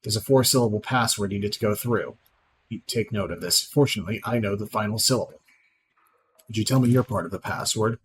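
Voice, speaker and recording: A man reading out the lines of a proud, scornful female sorceress in a video game, plainly and with small slips, over clear background noise. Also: on the low side, fairly quick, close to an everyday voice, poor audio.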